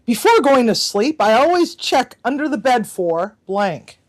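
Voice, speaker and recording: A woman's voice: a little high, big pitch swings, a little slow. A woman hosting a casual livestream card game, reading out players' answers with chatty asides and frequent laughter. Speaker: livestream host.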